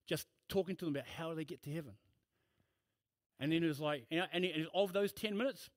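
A man's voice: fairly high pitch, bright, forceful tone, dry recording. A man preaching a sermon in a church, emphatic and repetitive, breaking into casual storytelling asides. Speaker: pastor.

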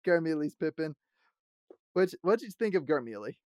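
A man's voice: on the high side, sing-song, moderate pace, darkish tone, dry recording. A man co-hosting a casual podcast chat about a fantasy show, laughing often and squealing out quotes. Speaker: podcast co-host.

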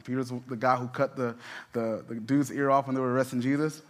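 A man's voice: mid-range voice, fairly even intonation, a little fast. A man, a pastor, preaching a sermon in a conversational way, with emphatic rising peaks and many asides.

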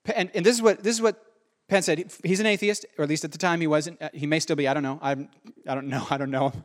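Male pastor with a high voice and an earnest, conversational preaching style that leans on repetition. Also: steady tone, quick pace. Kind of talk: sermon.

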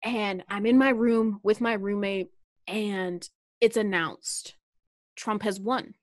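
A young woman co-hosting a casual chat, telling a story in an animated, joking way. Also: mid-range voice, slow pace, no room sound, clean studio sound.

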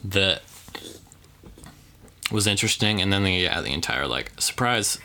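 Pria santai yang suaranya cerah. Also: male voice, low-pitched, lively intonation, measured pace, bright, forceful tone, slight background noise. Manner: rambling, filler-heavy, dry joking. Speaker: podcast co-host. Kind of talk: casual movie review chat.

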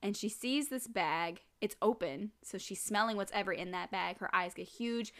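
Woman co-host, bright and animated, retelling episodes in a chatty podcast. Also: medium pitch, moderate pace. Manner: animated, acts out lines while retelling. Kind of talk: casual episode recap.

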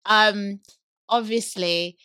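A woman's voice: mid-range voice, extremely slow, smooth, no echo. A young woman in her twenties with a London accent, hosting a podcast and telling stories in casual chat. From United Kingdom. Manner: chatty, animated storytelling with laughs. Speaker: podcast host.

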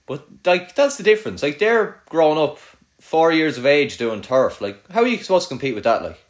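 A man's voice: a little high, sing-song, fairly quick. Rambling, teasing young irish man. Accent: Irish, Kildare. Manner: swears a lot, teasing, rambling with many "like"s. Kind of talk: casual banter with a friend.

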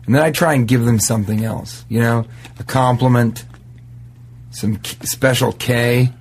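A comedian guest on a podcast, a man riffing absurd jokes with deadpan delivery. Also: medium pitch, normal speed, slight background noise. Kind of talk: improvised comedy banter.

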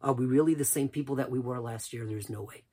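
Male preacher, very breathy husky voice, impassioned sermon that jumps between shouts and hushed asides. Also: mid-range voice, fast talker. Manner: impassioned, swings from loud cries to near whispers. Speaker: rabbi.

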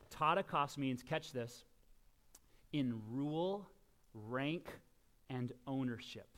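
Emphatic high-voiced male pastor preaching. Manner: emphatic preaching, swinging between quiet asides and loud shouts. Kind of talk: sermon.

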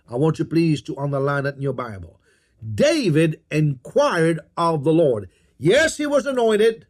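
A man's voice: a little high, very animated, measured pace. A man preaching a sermon, emphatic, repeating key phrases and telling his listeners what to underline.

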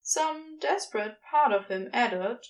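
Expressive woman narrating a story. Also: fairly high pitch, unhurried, low-quality recording. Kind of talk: scripted narration.

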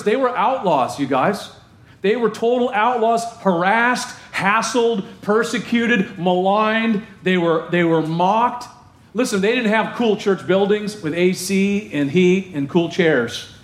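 A man's voice: high voice, echoey room. A man preaching a sermon as pastor, emphatic and repeating phrases for effect.

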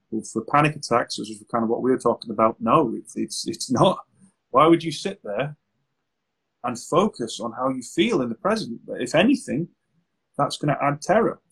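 Husky man, animated therapist. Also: medium pitch, low-quality recording. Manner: animated, acts out client exchanges. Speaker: anxiety therapist, guest. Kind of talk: conversational interview answers.

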